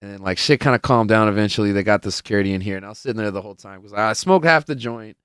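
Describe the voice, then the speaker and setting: Man, podcast host, low voice, smooth and clear, laid-back rambling, swears a lot. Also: rapid-fire, a bit bright, no echo, studio quality. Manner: rambling, profane, laid-back storytelling with many fillers. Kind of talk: casual solo podcast life update.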